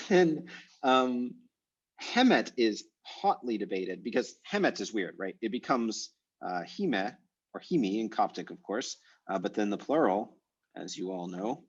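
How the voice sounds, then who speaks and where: A man's voice: fairly low pitch, sing-song, measured pace, husky, lo-fi sound. A man teaching an online language class, thinking aloud with many fillers and restarts. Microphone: video call.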